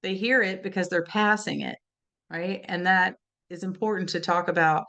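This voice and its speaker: A woman's voice: lowish voice, moderate pace, a bit bright, highs cut off. A woman giving an explanatory webinar lecture on spelling, talking conversationally and often checking in with "right?". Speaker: literacy educator presenting a webinar.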